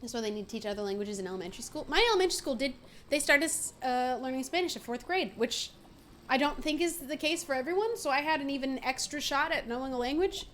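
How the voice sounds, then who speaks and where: A woman's voice: high-pitched, expressive, fast, fairly bright tone, slight background noise. An American woman streaming a game, chatting casually with viewers in a playful way and laughing often. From United States. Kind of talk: casual gaming stream chat.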